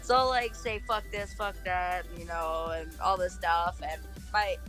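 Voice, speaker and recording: A woman's voice: lowish voice, steady tone, unhurried, fairly bright tone, faint music behind. A woman guest in a casual interview, talking bluntly and laid-back about her crude humor. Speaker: guest streamer. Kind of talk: casual chat.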